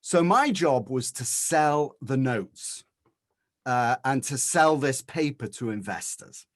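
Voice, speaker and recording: An English man speaking as a guest on an online webinar. He tells his story in a lively, chatty way, with a pitch that rises and falls a lot. The sound is dry and close, as from a video call. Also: slow pace, dry recording.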